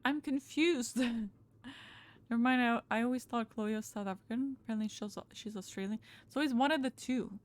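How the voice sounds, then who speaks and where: A woman's voice: fairly high pitch, fairly even intonation, moderate pace. A woman live-streaming a game in casual chat, talking with viewers, greeting them and laughing often.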